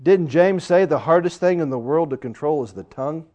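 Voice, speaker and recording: A man preaching a sermon with passion, swinging between loud urging and hushed, quieter asides. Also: on the high side, a little fast.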